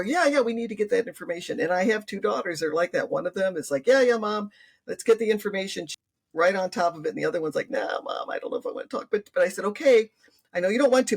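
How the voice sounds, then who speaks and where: A woman's voice: deep voice, slightly rough. An older woman, a grandmother, talking earnestly as an interview guest and acting out what her family says. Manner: earnest, acts out family quotes. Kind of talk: conversational interview.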